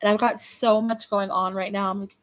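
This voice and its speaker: A woman's voice: medium pitch, little pitch movement, a little fast, a bit bright. A young woman chatting casually to her livestream viewers, blunt and swearing freely, often restarting her sentences. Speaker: livestream host.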